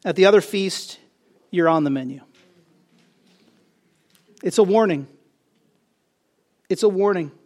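Animated high-voiced male preacher. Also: a little slow, long pauses. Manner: animated preaching, rising loud on key phrases, joking asides. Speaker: pastor. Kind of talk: sermon.

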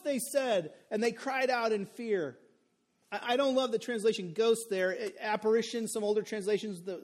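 A man preaching a sermon in a relaxed, conversational way, often checking in with the listeners with "okay?" and "right?". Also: very high voice. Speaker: pastor.

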